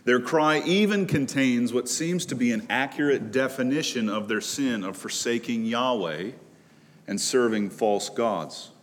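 A man pastor preaching a sermon in earnest, rising to loud pleas and dropping to hushed low lines. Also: measured pace. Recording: long reverb of a large hall.

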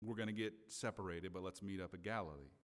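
A man voicing Jesus as a calm man calmly laying out a plan in an everyday conversational tone. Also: sits low, fast, pitched below the performer's own voice, close to an everyday voice. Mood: matter-of-fact. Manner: plain conversational retelling. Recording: long hall reverb.

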